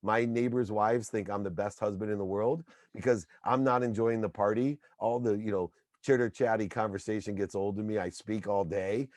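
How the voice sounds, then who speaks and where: Middle-aged guy on a podcast, lowish voice, dry close sound, upbeat motivational chat. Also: moderate pace, hardly any pauses, dry recording. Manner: energetic, anecdotal, motivational. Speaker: podcast guest. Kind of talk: casual interview talk.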